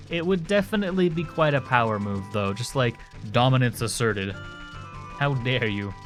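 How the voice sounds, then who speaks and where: A man's voice: medium pitch, animated, normal speed. Chatty male streamer over game music. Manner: rambling, chats with viewers while playing. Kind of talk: casual gameplay chat. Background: video game music.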